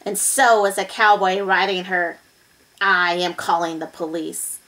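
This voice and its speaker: A woman's voice: lowish voice, flat delivery, a little slow, fairly bright tone, voice pushed down, low-quality recording. A woman voicing a bossy, stern older sister in a storybook, giving curt orders. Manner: stern, commanding.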